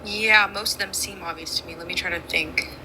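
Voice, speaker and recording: A woman on a casual group call, arguing her view quickly and talking over others. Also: fairly low pitch, fairly even intonation, sharp tone, slight background noise, rough recording. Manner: fast, argumentative, talks over others. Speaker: debate guest.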